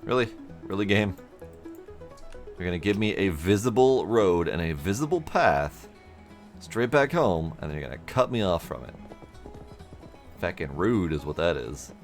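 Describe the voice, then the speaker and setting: A man narrates his game playthrough in casual, wry commentary, often talking straight to the game. His voice sits on the low side but moves a lot in pitch. Faint game music plays underneath. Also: big pitch swings, moderate pace. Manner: wry, muttering to himself, talks to the game. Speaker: game streamer.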